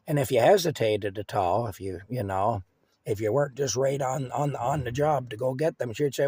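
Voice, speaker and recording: An older man, telling family stories in a halting, rambling way. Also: medium pitch, dark tone, slightly rough, no room sound. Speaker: vlogger. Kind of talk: casual storytelling.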